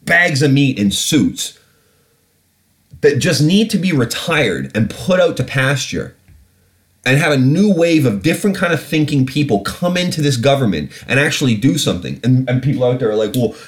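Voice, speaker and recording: A man's voice: medium pitch, very animated, moderate pace. A British man hosting a podcast, ranting bluntly and profanely about politics. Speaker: podcast host. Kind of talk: casual ranting commentary.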